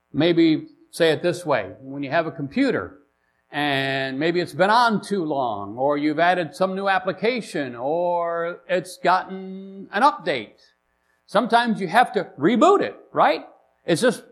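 A man preaching a sermon in a church, animated and emphatic, dropping to asides between rises. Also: a little high. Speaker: pastor.

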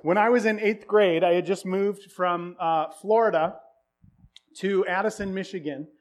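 Man, preacher, sermon storytelling, high voice, self-deprecating, conversational. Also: steady tone, normal speed.

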